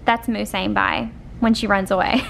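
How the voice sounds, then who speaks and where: A woman's voice: medium pitch, fairly even intonation, moderate pace, vocal fry, a bit bright, a little hiss or hum. A young woman with a Southern American accent, a vlogger cooing baby talk to her pet hamster in a casual pet vlog.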